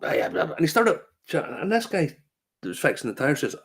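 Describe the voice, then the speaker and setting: A middle-aged man with a Northern Irish accent, chatting casually and telling animated, sweary stories with frequent laughter. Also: a little high, fast talker, creaky, husky. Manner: animated storyteller, swears freely, laughs often. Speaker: podcast co-host. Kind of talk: casual chat, anecdote.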